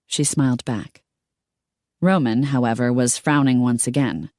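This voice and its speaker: Woman, audiobook narrator, very low voice, dry studio sound, steady storytelling. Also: normal speed, no echo. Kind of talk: scripted narration.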